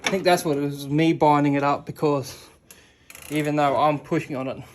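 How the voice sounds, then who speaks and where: A man's voice: fairly high pitch, fairly even intonation, moderate pace. A man giving casual commentary while working on a car part in his workshop, chatting as he goes. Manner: talks while working, chatty, self-deprecating. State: out of breath. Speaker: home mechanic.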